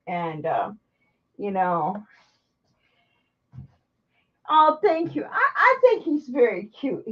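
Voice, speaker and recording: A woman vlogging candidly to the camera, halting and rambling with lots of restarts. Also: a little high, far from the mic, muffled recording. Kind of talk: candid personal vlog chat.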